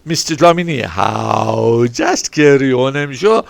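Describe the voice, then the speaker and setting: A man hosting a podcast who keeps cutting in with loud, excitable, teasing remarks. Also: a little high, moderate pace, vocal fry, no room sound. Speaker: podcast host. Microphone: podcast microphone.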